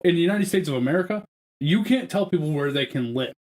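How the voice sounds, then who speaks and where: A man's voice: fairly high pitch, expressive, fast talker, a little mellow. A man on a podcast, chiming in with short remarks that back up his co-host's argument. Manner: short interjections backing up the point. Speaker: podcast co-host. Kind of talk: casual podcast chat.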